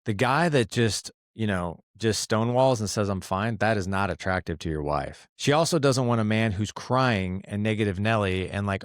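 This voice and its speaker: A man speaking as a podcast guest, explaining ideas about family life in an earnest, animated way and acting out quoted voices. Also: lowish voice, moderate pace, few pauses, no room sound, studio quality. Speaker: podcast guest, dad coach. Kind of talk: casual interview talk.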